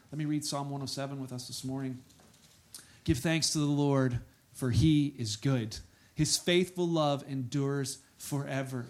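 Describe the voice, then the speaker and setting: A man preaching a sermon, reading scripture aloud and breaking into soft asides and loud exclamations. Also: a little high, slight background noise. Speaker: pastor.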